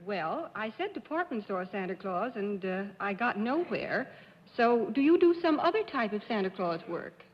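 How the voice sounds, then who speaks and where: A woman's voice: medium pitch, big pitch swings, moderate pace, a little hiss or hum. A woman on a quiz panel asking direct yes-or-no questions. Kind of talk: guessing-game questioning. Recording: lo-fi 1950s TV broadcast with hall reverb.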